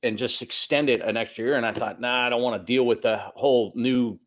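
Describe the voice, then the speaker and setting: A man in his fifties tells a long personal story in a relaxed, chatty way. He slips into the voices of the people he quotes and keeps the telling lively. His voice sits at an ordinary middle pitch. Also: a little fast. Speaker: guest soccer coach. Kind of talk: casual storytelling interview.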